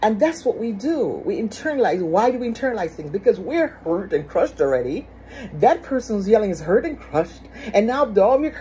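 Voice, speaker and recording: A woman speaking in an emphatic, casual teaching manner. She has a warm, mellow tone, often repeats her key phrases and asks rhetorical questions. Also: medium pitch, slight background noise, low-quality recording. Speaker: speaker on forgiveness.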